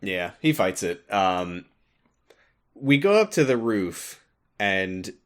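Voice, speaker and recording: A low-pitched man with a slow, sing-song delivery hosts a podcast, chatting casually through a video game recap. He rambles, leans on fillers, and laughs a lot.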